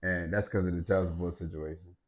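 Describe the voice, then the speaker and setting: A man telling a personal story in casual chat, animated, swearing and laughing, swinging from loud outbursts to low, quiet stretches. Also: fairly quick. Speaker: podcast co-host.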